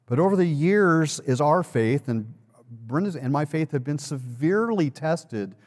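Unhurried and animated, this pastor speaks in a fairly high voice with a darkish tone. In the long reverb of a large church sanctuary, his sermon recounts a personal story in a conversational way and rises to emphatic peaks.

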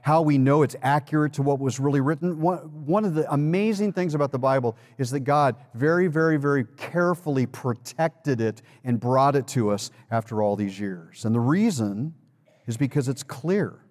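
A man's voice: mid-range voice, expressive, darkish tone. Emphatic male preacher in a reverberant hall. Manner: emphatic preaching with dramatic pauses and repetition. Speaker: pastor. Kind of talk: sermon. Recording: long reverb of a large hall.

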